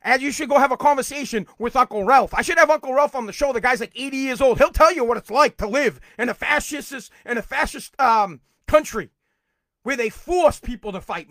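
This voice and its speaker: A middle-aged man with a strikingly high voice hosts his own podcast. He rants heatedly and profanely, sometimes breaking into shouts, and his voice sits close and dry with no room sound. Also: dry recording. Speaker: podcast host. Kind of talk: political rant.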